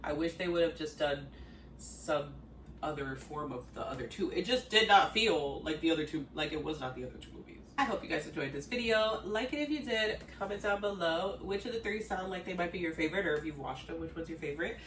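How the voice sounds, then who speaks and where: A chatty woman recapping a film at home, full of "like" and little acted-out quotes. Her voice is bright and a touch sharp. It sounds roomy and set a little back from the mic, with a faint household hum behind her. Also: low-pitched, fairly quick, distant mic. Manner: chatty, filler-heavy, acts out characters in quotes. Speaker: vlogger summarizing a movie. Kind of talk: casual chat. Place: home, fridge running nearby.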